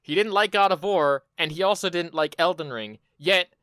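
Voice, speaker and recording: Male commentator, loose sarcastic reaction talk; crisp, smooth tone. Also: high voice, moderate pace, sharp tone, no room sound. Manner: loose, profane, sarcastic asides. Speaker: video commentator.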